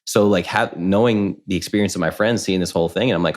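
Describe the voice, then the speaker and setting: Deep-voiced candid man in his thirties. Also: fast talker. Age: 30s. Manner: candid, animated, quotes people in lively voices. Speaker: podcast guest. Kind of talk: casual storytelling conversation.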